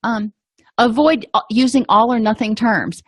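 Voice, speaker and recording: A middle-aged woman calmly explaining anger management tips in a casual talk, with frequent pauses and fillers. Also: fairly high pitch, no echo. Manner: calm, explanatory, with frequent ums and you-knows. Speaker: vlogger giving advice.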